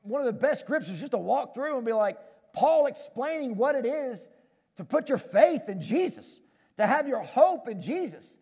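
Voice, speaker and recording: A man preaching a sermon on stage as pastor, animated and self-deprecating, often repeating words as he gets going. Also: very high voice, moderate pace, husky, in a large hall. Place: church stage.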